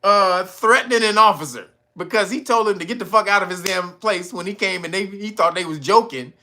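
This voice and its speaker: A man's voice: high voice, brisk, sharp tone, slight background noise. A man doing incredulous, sarcastic commentary on a news story, laughing and swearing as he mocks the officials. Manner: mimics officials in sarcastic voices.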